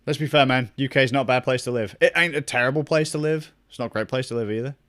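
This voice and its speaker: A man's voice: medium pitch, fast talker, a bit bright. A young man chatting casually with his stream viewers, rambling, swearing a lot and laughing often. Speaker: gaming streamer.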